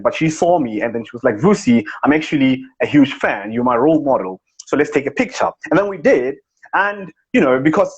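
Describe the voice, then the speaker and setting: A boastful, self-important rich businessman holds forth deadpan in a husky South African voice, put on by a man doing an impression. He sits at a middle pitch and bragging ease. The live-stream sound is dull and lo-fi. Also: natural voice. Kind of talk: comic impression on a live video chat.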